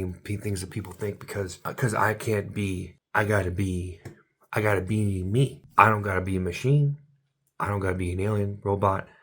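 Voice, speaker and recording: A man talking to his viewers in a rambling stream-of-consciousness monologue, full of absurd rhyming wordplay that drifts between near-whispers and sudden bursts. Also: lowish voice. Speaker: vlogger.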